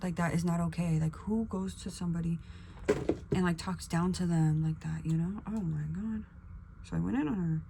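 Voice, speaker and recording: A young woman vlogger chatting casually while getting ready, acting out quotes with sudden whispers and high bursts. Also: fairly even intonation, normal speed, creaky, noisy background. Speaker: beauty vlogger.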